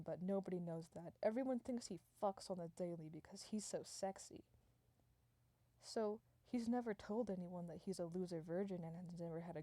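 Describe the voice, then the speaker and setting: A woman's voice: medium pitch, warm tone, dry recording. A woman improvising a comic story, rambling, swearing and restarting her sentences as she goes.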